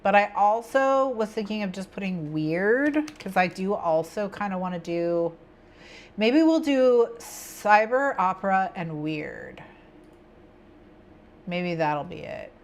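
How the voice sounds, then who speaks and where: A woman's voice: mid-range voice, expressive, slow. A woman hosting a casual craft stream, thinking aloud and chatting with viewers in a rambling way. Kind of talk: casual chat with viewers while planning.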